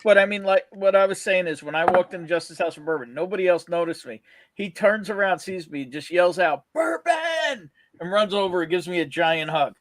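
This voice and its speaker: Guy hosting a live whiskey stream, a bit high pitched, dead dry mic, laughs and swears a lot. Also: a little fast, no room sound. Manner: excitable, swears and laughs often. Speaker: host. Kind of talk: casual livestream chat.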